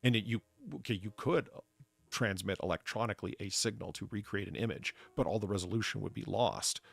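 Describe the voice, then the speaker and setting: A man's voice: lowish voice, a little fast, vocal fry, slightly rough, no echo. A man co-hosting a casual chat show, rambling and profane as he riffs on trivia. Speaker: podcast co-host.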